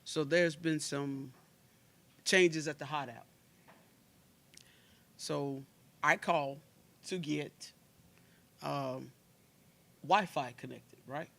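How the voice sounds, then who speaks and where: Emphatic man with a bright voice. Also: fairly high pitch, very slow, gravelly, pauses often. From United States. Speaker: podcast co-host. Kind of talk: casual storytelling. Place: cigar lounge.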